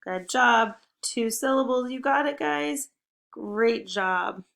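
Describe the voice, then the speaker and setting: A young woman teacher leading a phonics lesson for young children, upbeat and encouraging, with clear drilled prompts. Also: fairly high pitch, slow pace, very noisy.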